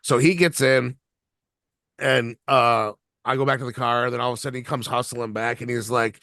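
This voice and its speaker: A man's voice: mid-range voice, fairly even intonation, fairly quick, sharp tone, no echo, studio quality. A man co-hosting a podcast, telling a long, rambling, profane story and laughing along as he goes. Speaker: podcast co-host. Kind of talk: casual anecdote telling.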